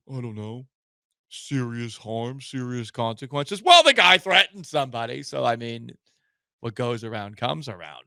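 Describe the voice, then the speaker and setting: A male sports radio host ranting with sarcasm and indignation, jumping between loud outbursts and quiet muttered asides. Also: mid-range voice, no room sound. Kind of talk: sports talk radio rant.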